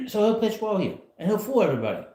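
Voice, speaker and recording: A man's voice: sits high, wildly swooping pitch, quick pace, dark tone, roomy sound. A man hosting a casual live stream from home, talking in a rambling, blunt way with frequent chuckles. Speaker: channel host. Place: home, in a rocking chair.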